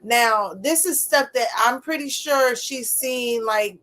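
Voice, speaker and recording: A woman co-hosting a show, chatting casually in an animated way. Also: fairly high pitch, slow. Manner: animated, laughs often. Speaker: co-host. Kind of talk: casual chat.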